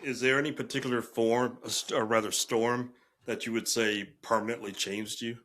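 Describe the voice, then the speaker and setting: A man hosting a podcast, asking his guest questions in a calm, plain way. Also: mid-range voice, normal speed. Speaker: podcast host. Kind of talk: interview questions.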